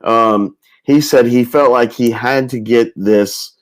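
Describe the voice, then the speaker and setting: A man of middle pitch hosts a round table discussion. He retells a long story casually and loosely, often stumbling into restarts and repeating words as he goes. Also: takes it slowly, poor audio. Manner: rambling, with many restarts and repetitions.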